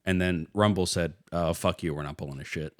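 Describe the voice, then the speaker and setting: A man's voice: low voice, fairly quick, no echo, studio quality. A man co-hosting a casual podcast, blunt and wisecracking. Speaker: podcast co-host. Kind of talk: casual chat.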